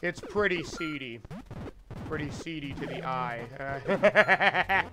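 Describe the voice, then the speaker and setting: A man with a fairly high voice plays old console games on stream, tossing out jokes and talking to his chat as he goes. Game music plays clearly under his voice. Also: rough recording. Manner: joking, talks to chat, quick asides. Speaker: streamer playing retro games. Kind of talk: casual gameplay commentary.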